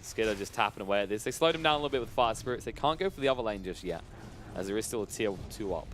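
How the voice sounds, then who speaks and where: Fast-talking excitable esports caster man. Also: lowish voice, slight background noise. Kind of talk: live game commentary.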